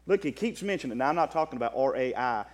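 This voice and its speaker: A man with a Southern US accent preaching a sermon, passionate, swinging from loud drawn-out declarations to quiet quick asides. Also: mid-range voice, animated, long reverb tail.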